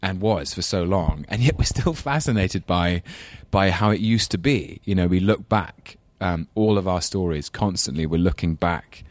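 Very deep-voiced London Englishman. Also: no room sound. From England. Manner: thoughtful, rambling, quick to laugh. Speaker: actor, talk show guest. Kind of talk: casual chat.

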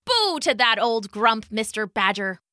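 A woman voicing an eager, easily startled little female bunny in a storybook reading, with a high, bright, exclaiming voice. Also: big pitch swings, a little slow, dry recording, studio quality, heavily acted. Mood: grumbling.

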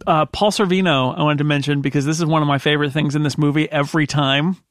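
A man's voice: on the high side, fairly even intonation, fast talker, no room sound, clean studio sound. A man co-hosting a casual movie podcast, explaining things at length with enthusiasm. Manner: enthusiastic, long winding explanations. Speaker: podcast co-host.

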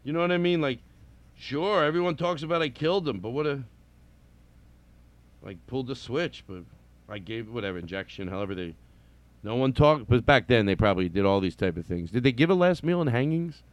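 A man's voice: medium pitch, lively intonation, fairly quick, dry recording. A man hosting a comedy podcast in a casual monologue, drifting off on tangents, restarting his sentences and chuckling as he tells stories. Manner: digressive, restarts and sidetracks; chuckles while telling stories.

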